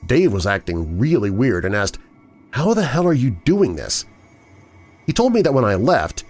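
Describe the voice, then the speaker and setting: A man hosting a show and narrating listener horror stories in a measured storytelling manner. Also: fairly low pitch. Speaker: host and narrator. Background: faint music.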